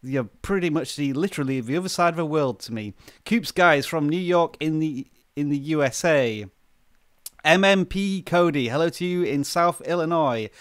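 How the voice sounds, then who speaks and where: A man's voice: a little high, moderate pace, no room sound. Man from the UK, live stream host, casual chat, greets viewers, close mic, dry sound. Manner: chatty, greets viewers by name. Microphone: close desk microphone.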